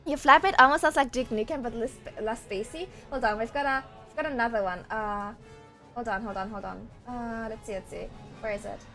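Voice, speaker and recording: Woman streamer, high voice, casual rambling chat, quick laughs, light swearing, faint soundtrack music behind. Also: fairly bright tone. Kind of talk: casual livestream chat, reading chat aloud. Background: faint game-soundtrack music.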